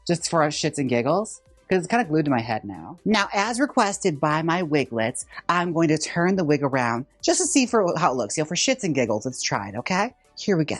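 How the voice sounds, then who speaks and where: A man's voice: a little high, fast talker, few pauses, husky, dry recording, soft background music. A drag queen host chatting campily and sassily while styling a wig in a casual vlog. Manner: campy, sassy, animated chatter.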